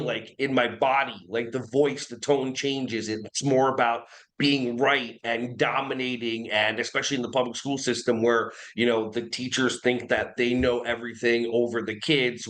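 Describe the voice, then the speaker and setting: Energetic man from New Jersey. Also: medium pitch, rough recording. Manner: energetic, animated storyteller who breaks into silly voices. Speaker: guest, early childhood behavior trainer. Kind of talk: casual podcast interview.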